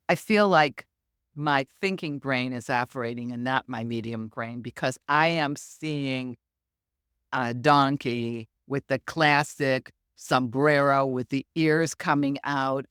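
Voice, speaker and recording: A woman's voice: extremely low pitch, takes it slowly, clear, resonant tone, no room sound, studio quality. A middle-aged woman, a medium and podcast guest, telling anecdotes in an interview and acting out the quoted dialogue. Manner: animated, acts out quoted dialogue.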